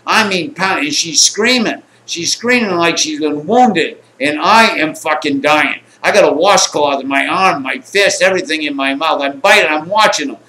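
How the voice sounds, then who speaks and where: Brief: a coarse, rambling male storyteller with a sharp bright voice, recorded in a roomy space. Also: on the high side, moderate pace, few pauses, slight background noise. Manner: rambling, coarse, animated quotes. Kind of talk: profane anecdotal storytelling. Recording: echoey room, faint ambience.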